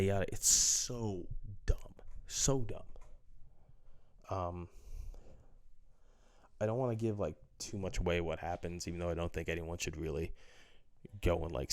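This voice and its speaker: A man's voice: deep voice, a little mellow. A man giving a casual, ranting film review, blunt and profane, with lots of fillers. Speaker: movie reviewer.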